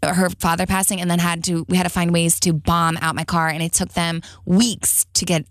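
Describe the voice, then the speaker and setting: A woman's voice: fairly low pitch, little pitch movement, brisk, no room sound, studio quality. A woman co-hosting a podcast in casual chat, talking emphatically with lots of fillers and some cursing. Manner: emphatic, curses freely, many fillers. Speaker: podcast co-host.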